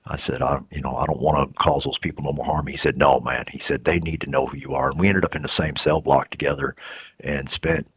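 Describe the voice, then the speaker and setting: A man giving reflective interview answers in a halting, soft-spoken way with many restarts. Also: a bass voice, fairly even intonation, breathy edge, no room sound. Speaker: incarcerated interviewee. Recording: dull lo-fi recording.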